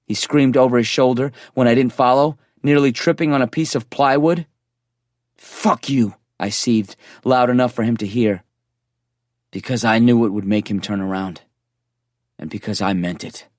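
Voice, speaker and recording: A man reading a first-person thriller audiobook in a tense, measured storytelling voice. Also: medium pitch, darkish tone, no room sound, studio quality. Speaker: audiobook narrator.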